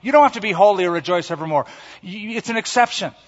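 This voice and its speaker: Casting note: hesitant, apologetic divine voice, as a preacher puts it on, raised pitch. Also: male voice, quick pace. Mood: sheepish. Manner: sheepish, hesitant. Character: God, apologetic and conceding, male. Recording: echoey hall, dull lo-fi sound.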